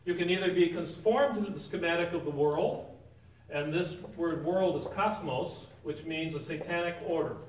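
At a normal speed, a man with a fairly high voice teaches an informal Bible lesson in a church sanctuary, chatting with his class and quizzing them. The recording is distant and roomy with echo, plus slight background noise.

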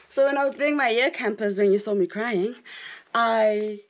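A South African woman vlogging to camera in casual chat, excitable and rambling, often breaking into laughter. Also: a little high, normal speed.

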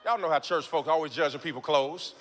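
A man preaching a live Sunday sermon in a church, calling out to the congregation and swinging from low, close talk to impassioned shouting. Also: a little fast, a faint crowd, slight background noise. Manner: addresses congregation members directly. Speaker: pastor. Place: church sanctuary before a congregation.

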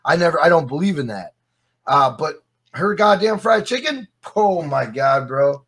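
A man's voice: fairly high pitch, sing-song, normal speed, fairly bright tone, husky. A man guest on a podcast, chatting casually and swearing often, laughing through his stories. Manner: profane, laughing storyteller. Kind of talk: casual chat.

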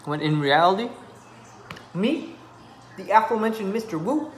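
A man's voice: high voice, expressive, moderate pace, long pauses, echoey room. Man in a mock-tragic video message. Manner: melodramatic, joking, trails into laughter. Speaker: friend sending a video message.

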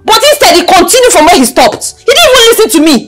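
A woman's voice: very high voice, sing-song, quick pace, loud music behind the voice. A young woman with a Nigerian accent playing an indignant daughter who pushes her point with rhetorical questions. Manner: emphatic, fires off rhetorical questions.

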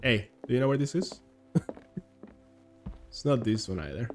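A man's voice: mid-range voice, big pitch swings, normal speed, music in the background. Laid-back man streaming a game. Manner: casual, laughs often, swears. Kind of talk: live gameplay commentary.

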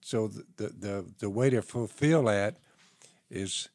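An older man, speaking slowly in a casual podcast chat as he preaches and quotes scripture. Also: fairly low pitch, a little mellow, no room sound, studio quality. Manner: slow, preachy, quoting scripture. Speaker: podcast host.

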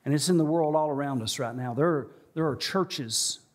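In a church sanctuary, a male pastor delivers a sermon, telling a story and slowing down and raising his pitch for emphasis.

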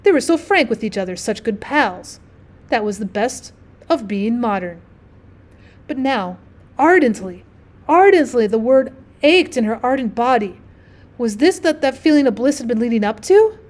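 A woman teacher narrating a classic short story as an audiobook, measured and expressive. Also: on the high side.

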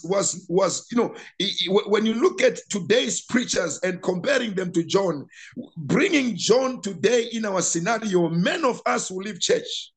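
A man with a rather high voice preaches a sermon as pastor. He delivers it with passion, stumbling and repeating words as he builds, and breaks into shouts at the height of his points. Church preaching style.

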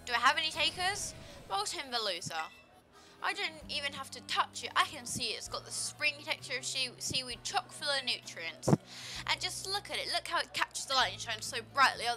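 A woman's voice: high-pitched, sing-song, fast talker, hardly any pauses, bright, forceful tone, faint music behind, heavily acted. A woman voicing a boastful old man who leads a gym, reading the game's dialogue in an odd put-on accent and a hearty drawl that calls the listener kid. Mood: rapturous. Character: folksy old man gym leader, boastful seafood lover. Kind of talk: gameplay voice-over of game dialogue.

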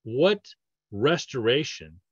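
A medium-pitched, slightly rough male voice moves slowly with a sing-song quality, with no room sound and a dull audio quality. He is a dentist running an informal training webinar about patient cases, talking in a conversational way with lots of fillers and restarts.

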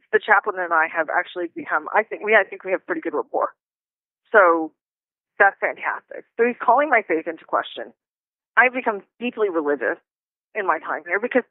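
A woman's voice: mid-range voice, no echo. Indignant woman on a tinny prison phone. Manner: indignant, animated, quick asides. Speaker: guest calling in from jail. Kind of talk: casual call-in storytelling. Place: jail.

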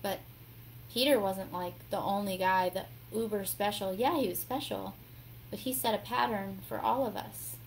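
Gravelly-voiced woman telling a devotional story. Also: mid-range voice, normal speed, slight background noise, poor audio. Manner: animated storytelling, acts out quotes. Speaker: devotional host. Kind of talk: casual devotional talk.

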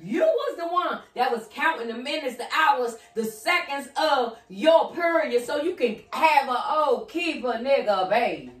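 A woman with a high voice and big pitch swings gives a casual tarot reading at a measured pace with few pauses. She's blunt and profane, often slipping into sing-song chanting, and sounds set back from the mic in a roomy echo.

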